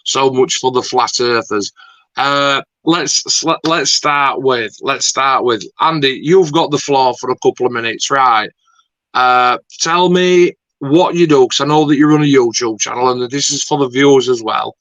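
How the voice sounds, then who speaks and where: A man's voice: mid-range voice, moderate pace, fairly bright tone, dry recording. A man, hosting a rambling, casual chat and swearing lightly now and then. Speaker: YouTube host. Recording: dull lo-fi dry sound.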